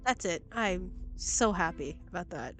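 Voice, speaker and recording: A young woman streaming a video game who gushes excitably, swears freely, and reads the game text aloud. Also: on the low side, unhurried, faint music behind. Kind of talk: casual gameplay commentary. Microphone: laptop stream mic.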